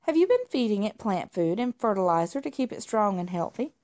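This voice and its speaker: A woman's voice: medium pitch, big pitch swings, fairly quick, a little mellow, no echo, natural voice. A woman doing a very polite tabby cat.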